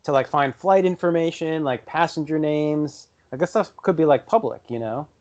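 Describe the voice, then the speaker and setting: A young man co-hosting a podcast, talking in a relaxed, offhand way and swearing casually. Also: on the high side, normal speed. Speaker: podcast co-host. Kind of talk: casual chat. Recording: dull lo-fi podcast audio.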